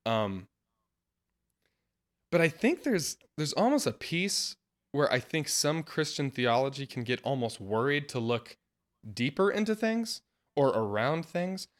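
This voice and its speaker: Male podcast host, earnest and lively in casual discussion, laughs often. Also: a little high, a little slow. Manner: earnest, laughs often, animated when quoting.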